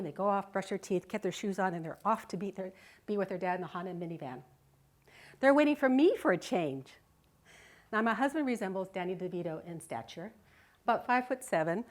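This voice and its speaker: A middle-aged woman giving a live talk, telling a personal story vividly and expressively, often laughing. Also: on the low side. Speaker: speaker. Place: live speaking event.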